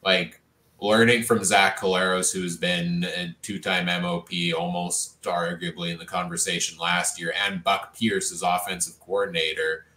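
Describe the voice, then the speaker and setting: A man's voice: low-pitched, little pitch movement, normal speed, pushed and bright, roomy sound. A man co-hosting a sports podcast, talking through football moves in long, analytical runs. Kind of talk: casual sports chat.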